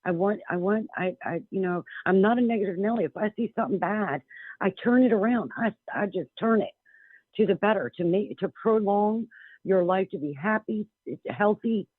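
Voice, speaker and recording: A woman's voice: mid-range voice, normal speed, slightly rough, no room sound. Blunt woman on a tinny phone line. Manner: blunt, emphatic, frequent restarts. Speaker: psychic medium guest. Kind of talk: phone-in radio interview. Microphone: telephone.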